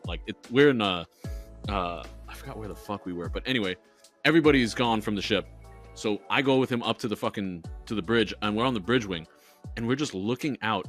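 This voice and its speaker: A man's voice: medium pitch, a little fast, a bit bright. A young man co-hosting a podcast in loose, casual chat. He swears freely and laughs his way through stories, with faint music under his voice. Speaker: podcast co-host.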